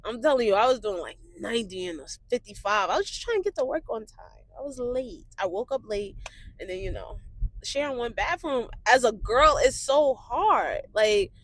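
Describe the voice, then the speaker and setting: A woman's voice: on the high side, moderate pace, low-quality recording. A young woman co-hosting a casual chat, telling stories with lots of swearing and acted-out voices. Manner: animated, swears freely, acts out quoted voices. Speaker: co-host.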